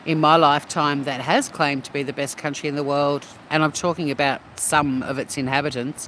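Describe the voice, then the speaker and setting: A blunt, chatty Australian man with a fairly high voice swears freely as he answers his live chat. He is outside, and loud traffic and street noise sit clearly behind him. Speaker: livestream host reading chat. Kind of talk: casual live-stream chat. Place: outdoors at a beach. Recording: noisy outdoor street sound.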